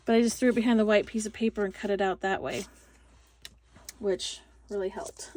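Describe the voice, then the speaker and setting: Chatty woman hosting a craft how-to; rambling delivery, mid-pitched voice, faint background hiss. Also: fairly even intonation, normal speed, pauses often, darkish tone. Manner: chatty, rambling, lots of fillers and restarts. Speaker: craft tutorial host. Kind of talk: casual craft tutorial. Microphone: phone.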